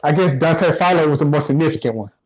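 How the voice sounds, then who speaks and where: A man co-hosting a casual sports podcast, relaxed and repeating himself as he thinks. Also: fairly high pitch, fast, dull audio, a little hiss or hum. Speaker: podcast co-host.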